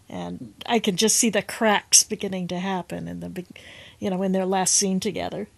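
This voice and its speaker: A woman chats easily on a panel of actors, tossing in quick quips. Her voice sits mid-range and sounds close and dry. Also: medium pitch, fairly even intonation, vocal fry, breathy edge, no room sound. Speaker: actor guest. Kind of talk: casual panel chat.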